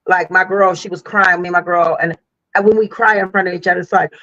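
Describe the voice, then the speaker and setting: Brief: mid-pitched woman, frank chatty podcast talk, dry muffled sound. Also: fairly even intonation, quick pace, sharp tone, no echo. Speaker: podcast co-host. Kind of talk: casual podcast chat.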